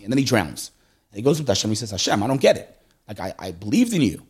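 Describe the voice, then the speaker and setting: A middle-aged man talks fast in a relaxed conversational way. His voice is a little husky, and his pitch swings widely as he acts out the people in his stories. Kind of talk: casual conversational storytelling.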